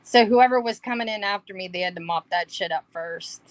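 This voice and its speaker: A woman's voice: medium pitch, brisk. A woman in casual livestream chat, blunt and laughing.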